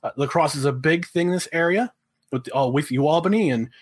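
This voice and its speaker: A man's voice: fairly high pitch, fairly quick, breathy edge. A man in casual sports talk who speaks indignantly, breaking off and restarting his sentences.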